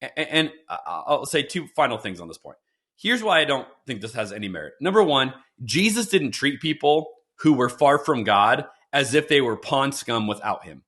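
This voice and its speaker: Animated man on a theology podcast. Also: mid-range voice, moderate pace, husky. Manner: earnest, animated, quotes and mimics voices. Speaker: podcast co-host.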